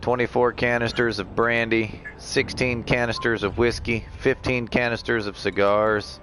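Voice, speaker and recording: A man's voice: medium pitch, flat delivery, moderate pace, fairly bright tone, slight background noise. A man streaming a space game, chatting casually and joking with friends as he plays. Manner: joking, rambling. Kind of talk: casual gameplay chat.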